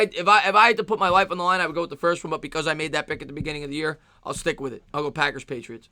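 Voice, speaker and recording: A man's voice: fairly high pitch, pushed and bright, no echo, clean studio sound. A man with a New York accent hosting a casual live-stream Q&A, reading viewer questions and answering with lots of fillers and repeated phrases. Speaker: sports stream host.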